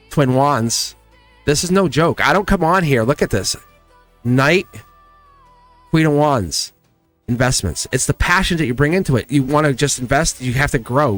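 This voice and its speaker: Animated man giving a live tarot reading. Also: medium pitch. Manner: animated, chatty, laughs often, talks straight to viewers. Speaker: tarot reader and live stream host.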